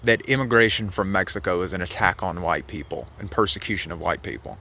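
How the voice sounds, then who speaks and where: A man's voice: low voice, fast, sharp tone, slight background noise. A man giving casual political commentary, argumentative and sarcastic, rambling as he rebuts a clip.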